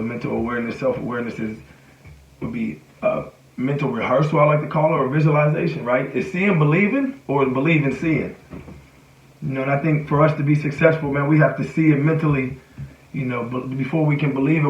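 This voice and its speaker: A man giving a casual motivational talk, conversational and often checking in with "right?" and "you know". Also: mid-range voice. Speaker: motivational speaker. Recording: echoey room, distant mic, dull sound.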